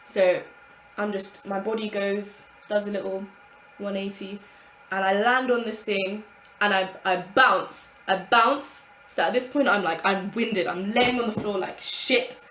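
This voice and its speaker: A young woman telling an embarrassing story from childhood to camera, animated and swearing freely as she acts out her own thoughts. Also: medium pitch, moderate pace, echoey room, music in the background. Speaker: vlogger. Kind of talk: casual storytime monologue.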